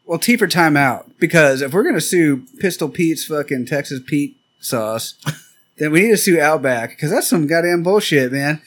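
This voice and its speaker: A man in casual banter, making deadpan joke claims with slang and swearing. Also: fairly high pitch, normal speed. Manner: deadpan conspiracy joking, slangy.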